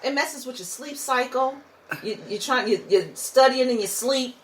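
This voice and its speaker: A woman's voice: high voice, normal speed, low-quality recording. A woman, a coach and former nurse, talking earnestly and reflectively in a casual chat.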